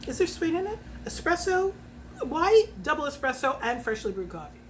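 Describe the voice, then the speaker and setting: A woman in her fifties chatting casually at home as a fragrance consultant, swearing freely and working out prices out loud. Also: high voice, very animated, moderate pace, a little hiss or hum. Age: 50s. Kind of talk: casual chat.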